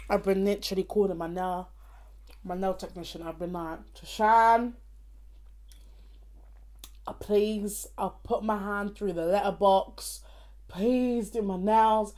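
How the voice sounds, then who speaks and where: A woman's voice: on the low side, darkish tone. A young woman chatting playfully to her viewers between bites of food during a casual mukbang. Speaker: vlogger.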